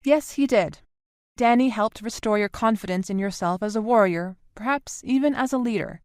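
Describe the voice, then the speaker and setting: In a studio-quality, dry audiobook recording, a woman voices a small, older motherly character who is firm, commanding and stern. Her mid-range voice has a darkish tone and normal speed, pitched above her own voice but still close to an everyday voice.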